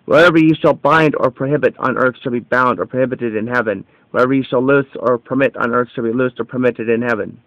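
A man reading scripture aloud with commentary, slow and solemn, stressing quoted dialogue. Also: medium pitch, a bit bright, dry recording, rough recording.

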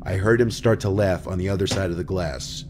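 A man calmly reading first-person horror stories as scripted narration. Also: deep voice, a little hiss or hum. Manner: calm, measured storytelling. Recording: narration over background music.

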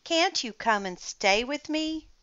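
A woman's voice: high voice, expressive, slow, fairly bright tone, dry recording, muffled recording, voice pushed up, exaggerated voice. A woman voicing a young boy from a children's storybook, sounding earnest and a little wistful.

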